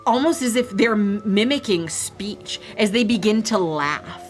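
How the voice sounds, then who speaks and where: A woman narrating as game master of a tabletop role-playing game, playful and quick to laugh. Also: medium pitch, lively intonation, faint music behind. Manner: playful, laughing between dice rolls.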